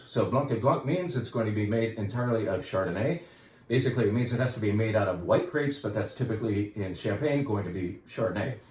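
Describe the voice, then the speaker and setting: Chatty middle-aged man in an echoey room. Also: fairly low pitch. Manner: relaxed, chatty, enthusiastic with wry asides. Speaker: wine shop owner. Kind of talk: casual product talk to customers. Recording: roomy echo.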